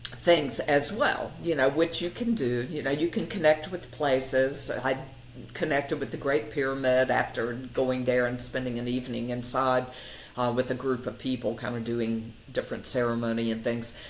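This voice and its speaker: A woman's voice: a bass voice, moderate pace, a little hiss or hum. A middle-aged woman, telling stories as an interview guest and acting out the voices of the people in them. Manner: animated, acts out quoted voices, laughs often. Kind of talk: casual storytelling in an interview. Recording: echoey room.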